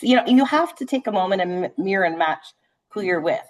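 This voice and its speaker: A woman real estate trainer leading a live sales training session, talking fast and animated, checking in with "right?" as she goes. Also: lowish voice. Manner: conversational, frequent "right?" checks.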